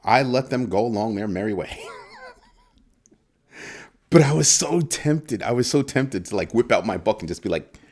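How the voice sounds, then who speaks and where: A man with a low voice hosts a casual crypto livestream from his desk microphone. His pitch swings widely as he greets chat viewers by name and teases them playfully. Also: animated, normal speed, pauses often, a little mellow.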